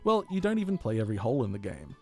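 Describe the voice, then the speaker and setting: A man's voice: on the low side, huge pitch swings, rapid-fire, soft background music. A man co-hosting a community radio games podcast, who chats eagerly and laughs easily, then reads out a scripted game review. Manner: enthusiastic, chatty, laughs easily. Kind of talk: casual chat, then read-out review.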